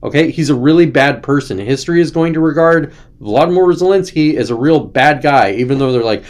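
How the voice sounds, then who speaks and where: A man's voice: a little high, fast talker, hardly any pauses, darkish tone. Ranting sarcastic man hosting a show. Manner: ranting, sarcastic, with mocking put-on quotes. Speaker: host. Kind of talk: casual political commentary.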